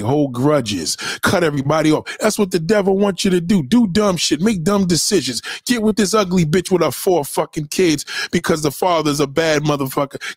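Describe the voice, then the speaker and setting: Guy preaching on his stream, fired up and cussing, kinda high voice, dry close sound. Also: dry recording. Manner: heated, preachy, swears constantly, repeats himself. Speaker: livestream host. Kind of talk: profane motivational rant. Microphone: home webcam mic.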